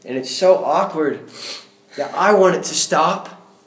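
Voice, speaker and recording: A man's voice: a little high, slow pace. Guy telling his faith story, earnest, gets fired up and preachy, echoey room. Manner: earnest, builds to fervent preacher-like outbursts. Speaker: guest sharing a faith testimony. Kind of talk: personal testimony storytelling. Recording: roomy echo.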